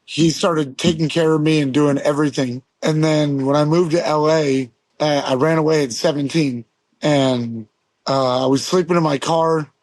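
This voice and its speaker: A man's voice: a little high, fairly even intonation, moderate pace, a little mellow, dry recording. Rambling, swearing man telling stories. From Las Vegas, USA. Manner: profane, rambling storyteller with many fillers. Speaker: guest, pro skateboarder. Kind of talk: casual storytelling. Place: podcast studio.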